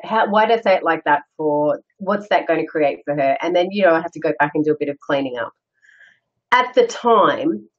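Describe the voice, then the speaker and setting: A middle-aged woman hosts a casual live chat, reading out viewer comments and answering them in a candid, laughing way. Her voice sits in a middling pitch, and the sound is dull and lo-fi. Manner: chatty, candid, laughs often, self-deprecating. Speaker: host.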